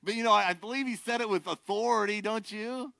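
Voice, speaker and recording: Animated older man preaching a sermon. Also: high voice, quick pace, creaky, dry recording. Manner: animated, swings from shouting to quiet asides. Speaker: pastor.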